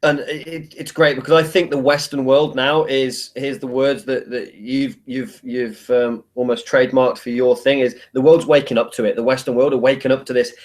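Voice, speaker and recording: A man's voice: mid-range voice, steady tone, moderate pace, few pauses. A man hosting a casual interview, talking emphatically and bluntly, with plenty of enthusiasm. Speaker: interview host, coach.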